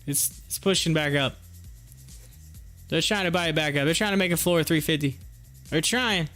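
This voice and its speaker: Chatty high-voiced man streaming trades. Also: normal speed, pushed and bright, faint music behind. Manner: chatty, reads viewer comments aloud, laughs often. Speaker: livestream stock trading host. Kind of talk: casual live-stream commentary.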